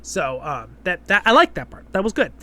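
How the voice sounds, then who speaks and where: A man's voice: high-pitched, very animated, moderate pace, sharp tone. A man hosting his show, giving a casual episode review in a chatty way and often tagging his points with "right?" and "okay?".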